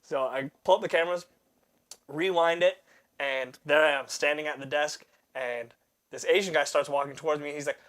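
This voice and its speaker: Young guy on a podcast, kinda high voice, swears a lot, lively storytelling. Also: normal speed. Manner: animated, swearing anecdote-teller. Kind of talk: casual storytelling chat.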